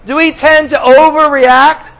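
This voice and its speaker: A man's voice: extremely high pitch, little pitch movement, measured pace, fairly bright tone, low-quality recording. A man preaching a sermon as pastor, talking conversationally to his congregation and slipping in sarcastic asides.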